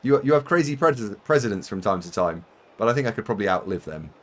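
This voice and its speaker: A lowish, animated voice moving at a quick pace belongs to a British man streaming a game. He chats casually to his viewers in a rambling way, mocking himself and laughing frequently.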